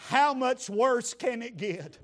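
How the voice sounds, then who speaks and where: Preacher man, high voice, slow folksy storytelling that climbs to shouting. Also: expressive. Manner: folksy, builds to shouted praise. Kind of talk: humorous storytelling sermon.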